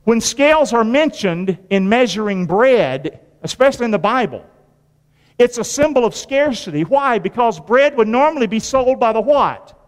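A man's voice: very high-pitched, lively intonation, moderate pace. A male pastor preaching a sermon, quizzing his congregation and repeating phrases for emphasis in a folksy way. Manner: call-and-response preaching, asking the congregation questions; folksy, repetitive emphasis with sudden rises and drops. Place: church. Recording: long hall reverb from church sanctuary.

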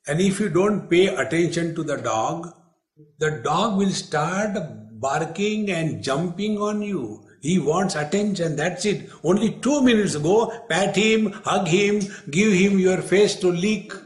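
Swami in an echoey hall. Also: male voice, high-pitched, lively intonation, a little slow. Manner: humorous storytelling with acted quotes. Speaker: spiritual teacher. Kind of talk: spiritual retreat discourse. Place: retreat hall.

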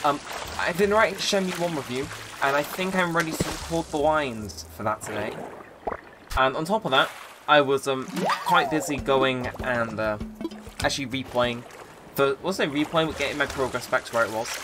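A man hosting a casual let's play, rambling through his plans with many pauses and fillers. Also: mid-range voice, background noise. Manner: rambling, relaxed, lots of ums and likes. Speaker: gaming channel host.

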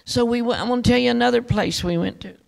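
A woman's voice: a little high, fast talker, gravelly. A woman preacher telling a testimony sermon in an emphatic, repetitive storytelling manner, addressing the congregation directly.

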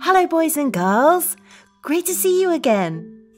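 A woman's voice: very high voice, very animated, measured pace, faint music behind. A woman teaching children English in a scripted cartoon lesson, talking in an exaggerated sing-song way that coaxes kids to repeat phrases.

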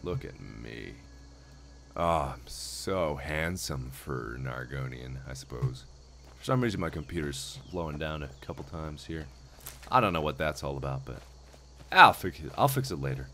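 A young man in his twenties giving jokey, excitable commentary while playing a video game. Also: rumbling low, moderate pace, gravelly, a little hiss or hum. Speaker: let's play host. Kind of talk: gameplay commentary.

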